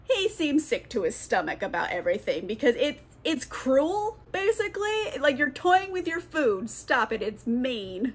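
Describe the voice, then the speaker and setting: A woman with a slightly high voice talks through a TV episode recap in a casual, animated way. She laughs often and slips into quick mock voices for the characters. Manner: chatty, animated, laughs often, acts out quotes. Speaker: TV recap host.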